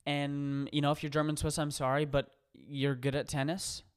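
A man's voice: on the high side, little pitch movement, normal speed, smooth. A man in casual podcast chat, telling a rambling anecdote with many fillers and restarts.

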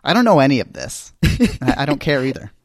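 A man in a casual podcast chat, dry and wry. He sounds bemused. His voice is mid-pitched and recorded close and dry. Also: very animated, fairly quick, no echo. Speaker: podcast co-host.

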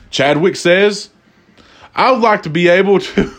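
A man hosting a casual, comedic talk, reading out viewer submissions and reacting with loud, profane amusement. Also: high-pitched, unhurried, faint music behind. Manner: animated, laughing, profane, cracks up. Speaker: host.

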